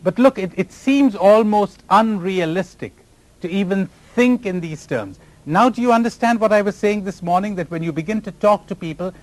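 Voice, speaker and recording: A spiritual teacher speaks to a live audience, teasing them with rhetorical questions and sometimes mimicking other people's voices. He has a high-pitched voice and a moderate pace.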